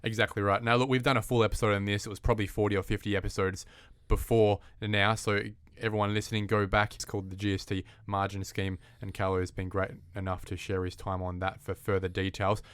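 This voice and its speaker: Male host, brisk interviewer, low clear voice, dry close recording. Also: flat delivery, a bit bright, no echo. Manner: brisk, prompting questions. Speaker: podcast host. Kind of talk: casual podcast interview.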